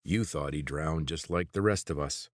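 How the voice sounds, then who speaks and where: A man's voice: a bass voice, moderate pace, dry recording, clean studio sound. A man voicing a scornful, growling male guard with rotten teeth in an audiobook. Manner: growling, sneering. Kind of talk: audiobook character voice.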